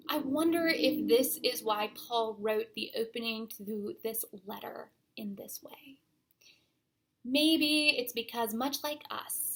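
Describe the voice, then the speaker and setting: A young adult woman pastor giving a sermon, speaking slowly and deliberately and letting her phrases fade to a near-whisper. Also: a little high, creaky, fairly bright tone. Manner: slow, deliberate delivery that trails off to a near-whisper at phrase ends.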